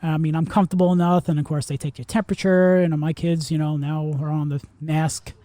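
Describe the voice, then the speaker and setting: A man's voice: a little high, flat delivery, a little fast, warm tone, dry recording. A man in his forties hosting a podcast, rambling in a casual monologue full of fillers and restarts. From Florida, US. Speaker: podcast host.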